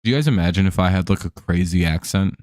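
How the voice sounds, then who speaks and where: Rambling low-voiced man calling a game. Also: quick pace, darkish tone, no echo, studio quality. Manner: rambling, lots of fillers and restarts, chuckles often. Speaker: live-stream host. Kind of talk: casual live watch-along baseball commentary.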